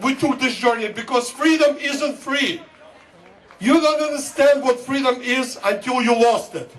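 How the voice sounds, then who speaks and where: A man from Russia, giving a fervent speech to a crowd at an outdoor rally and repeating a slogan. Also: extremely high pitch. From Soviet Union (Russia). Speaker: guest speaker at a political rally. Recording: distant mic, loud crowd and noise.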